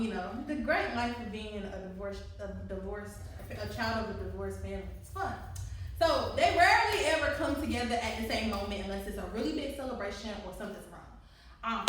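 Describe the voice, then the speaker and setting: A young adult woman telling a personal story to listeners in a candid, animated way, often laughing and talking straight to them. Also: fairly high pitch, recorded from a distance. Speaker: co-host. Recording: very echoey room, away from mic.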